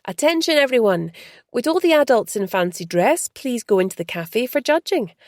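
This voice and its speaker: A practical bookshop owner woman rallying a crowd in a raised, sing-song voice, read by a woman narrator. The tone is gravelly and warm, and the sound is dry. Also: mid-range voice, animated, normal speed, no echo. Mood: announcing.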